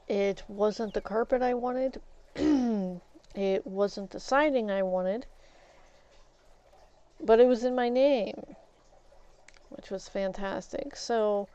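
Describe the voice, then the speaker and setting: A woman streamer talks her way through a game in an unhurried, rambling way, frank and quick to curse mildly. Her voice is mellow and smooth, and the stream audio sounds a bit dull and lo-fi. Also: mid-range voice. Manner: rambling and candid, with mild swearing. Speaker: gaming streamer. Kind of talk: casual chat while playing a game.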